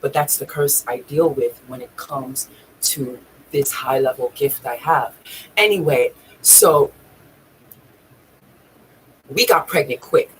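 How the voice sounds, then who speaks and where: A woman's voice: rumbling low, slow, pauses often, slight background noise, poor audio. A woman vlogging, telling a personal story in a raw, emotional way, swearing freely and near tears at times. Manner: raw, profane, tearful at times.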